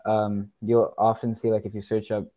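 A man in a casual chat, explaining things excitedly and repeating words. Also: lowish voice, moderate pace.

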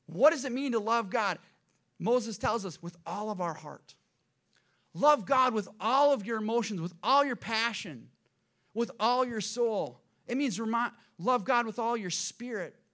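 A man preaching a sermon as pastor, swinging between loud emphatic lines and hushed low ones. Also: measured pace.

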